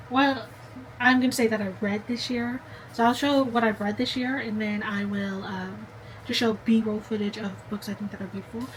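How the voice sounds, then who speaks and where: A young woman with a slightly high voice chats to the camera at home, gushing and talking straight to her viewers. A faint hiss sits under her voice. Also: low-quality recording. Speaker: book vlogger. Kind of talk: casual chat to camera.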